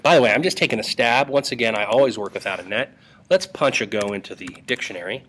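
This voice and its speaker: A man's voice: mid-range voice, fast, fairly bright tone, a little hiss or hum. A male English teacher giving a casual, joking lesson to students over a screen recording. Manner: playful and jokey, talking to students.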